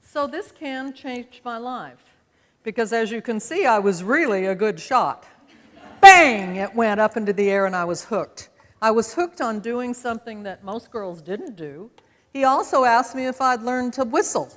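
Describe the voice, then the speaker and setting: A woman's voice: on the high side, expressive, moderate pace. A woman in her seventies from Utah, giving a folksy, conversational storytelling talk with self-deprecating humor from a stage. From American West, Utah. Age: 70s. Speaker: speaker. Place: stage in a large auditorium. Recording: long hall reverb of an auditorium.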